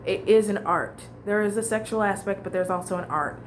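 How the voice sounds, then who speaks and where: A woman's voice: medium pitch, brisk, faint music behind. A young adult woman telling a casual storytime monologue, candid and rambling, restarting her sentences and swearing freely. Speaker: vlogger.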